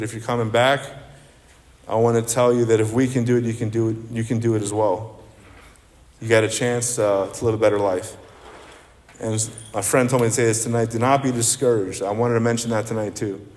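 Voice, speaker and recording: Male speaker at a recovery meeting, middle voice, candid and rambling, with long reverb from the meeting hall. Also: medium pitch. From central New Jersey. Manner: rambling, candid, self-deprecating. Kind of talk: personal recovery talk.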